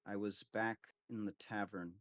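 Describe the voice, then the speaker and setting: A man voicing a mysterious young woman sorceress who speaks quietly, in a cryptic, solemn way. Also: fairly low pitch, fairly even intonation, moderate pace, no room sound, studio quality, close to an everyday voice. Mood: wistful.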